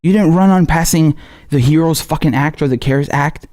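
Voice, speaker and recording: Heated and rapid-fire, a man with a fairly high, warm voice hosts a political commentary show, ranting passionately and swearing a lot.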